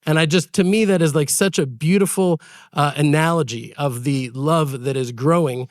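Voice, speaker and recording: Earnest podcast guy, kinda high voice, dry close sound. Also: normal speed, no echo. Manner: earnest, animated storyteller. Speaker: podcast co-host. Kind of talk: casual chat with storytelling.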